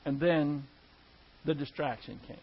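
High-voiced man teaching a Bible lesson. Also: measured pace, breathy edge. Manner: conversational, emphatic, repeats key words. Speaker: preacher. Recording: dull lo-fi recording.

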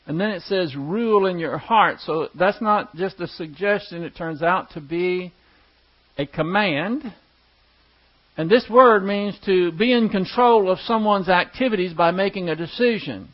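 A man's voice: high-pitched, muffled recording. A man teaching a Bible study in a church, talking conversationally and rising to emphatic stresses on key words. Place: church with live streaming setup.

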